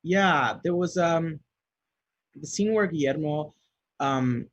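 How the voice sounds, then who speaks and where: A man's voice: a little high, slow, no echo, highs cut off. A man answering fan questions in a casual video, chatty and giggly, reading each question aloud and then rambling through his answer.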